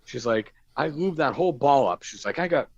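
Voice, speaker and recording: A man's voice: medium pitch, brisk, creaky, dry recording. Guy telling a dirty story, swears a lot, does the voices, kinda dull dry audio. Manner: profane, animated storytelling with acted-out quotes. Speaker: storyteller on a stream. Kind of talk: casual crude anecdote.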